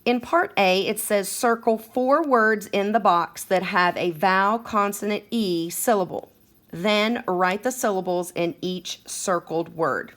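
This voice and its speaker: A woman's voice: mid-range voice, unhurried, a bit bright. A woman teaching a second grade phonics lesson, patient and encouraging as she sounds out words for children.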